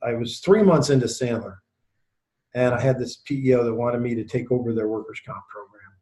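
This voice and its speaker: A man's voice: mid-range voice, fairly quick, warm tone. A man with a New York accent, a sales trainer telling stories casually to a group and acting out what people said. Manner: talkative, acts out quotes in voices. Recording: roomy echo.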